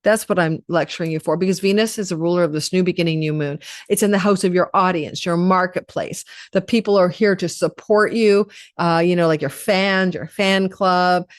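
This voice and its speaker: Chatty woman astrologer, lower pitch, dry close sound, rambles off topic. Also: steady tone, moderate pace, few pauses, no room sound. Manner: chatty, rambling, digressive with laughs. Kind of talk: casual astrology forecast.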